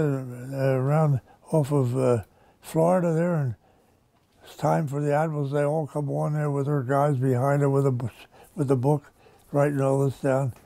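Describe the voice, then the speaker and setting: An elderly man in his nineties recalls his wartime service in a folksy, rambling way. His voice is gravelly and very dark, a little higher than most men's, and the sound is dry and close. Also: fairly even intonation, a little slow, no echo. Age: 90s. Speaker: war veteran interviewee. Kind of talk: oral-history interview.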